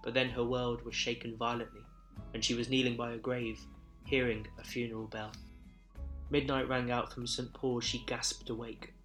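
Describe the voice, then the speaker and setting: A man reads a Christmas story in verse at a medium pitch, his delivery measured and rhythmic. Soft guitar music plays quietly behind him. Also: flat delivery. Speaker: narrator.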